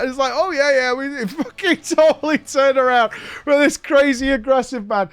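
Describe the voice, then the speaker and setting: A man's voice: extremely high pitch, normal speed, no echo. A man, hosting a casual podcast and telling a story with lots of swearing and laughter. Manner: animated, swears a lot, laughs through the story. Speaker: podcast host.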